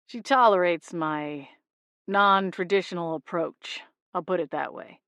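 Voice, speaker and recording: An easygoing young investigator who shrugs off rules and turns gruff on the phone, played by a woman narrator. The voice sits a touch lower than her own, calm and unhurried. Dry, close reading with no room sound. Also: no echo. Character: laid-back young man, a rule-dodging investigator.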